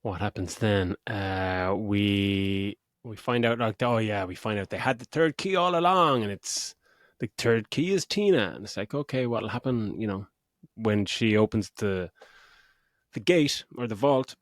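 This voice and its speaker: A middle-aged man with a fairly low voice talks through a movie's plot in loose, profane podcast chat. He rambles from scene to scene. The sound is dry and close, with no room around it. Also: a little slow, dry recording. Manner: sweary, rambling retelling with mock voices. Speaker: podcast host. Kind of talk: casual film review chat.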